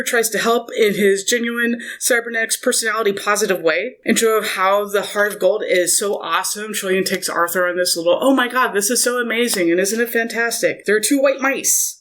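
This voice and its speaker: A woman hosting a podcast, running through a film's plot in a quick, casual recap with loose asides. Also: mid-range voice, fairly bright tone. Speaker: podcast host.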